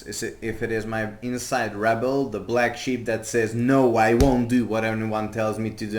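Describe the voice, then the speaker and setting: Low-voiced man in an echoey room. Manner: asks probing questions. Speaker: interviewer.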